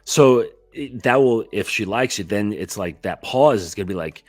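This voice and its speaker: A man with a very low voice gives a loose, casual coaching talk, his pitch swinging widely as he explains. He keeps checking in with "right?" and swears casually. The sound is dry and close, with faint music underneath. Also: expressive, normal speed, few pauses, dry recording. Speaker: dating coach.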